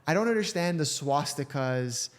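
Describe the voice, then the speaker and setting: A man's voice: fairly high pitch, animated, moderate pace. A man hosting a podcast, talking casually and leaning on "like" and "right?". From Canada.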